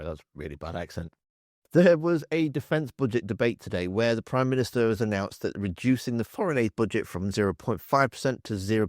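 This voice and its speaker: Wry man with a lively voice. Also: mid-range voice, no room sound, clean studio sound. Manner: wry, sarcastic storytelling with lively delivery. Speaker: political commentary channel host. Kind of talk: scripted political commentary.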